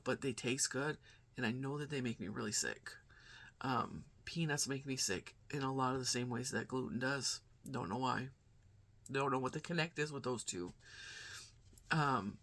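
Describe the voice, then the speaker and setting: A woman's voice: very deep voice, fairly bright tone. A woman in her forties, a crochet vlogger, chatting casually in a rambling, talkative way. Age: 40s. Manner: rambling and chatty, acting out quoted dialogue. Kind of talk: casual chat.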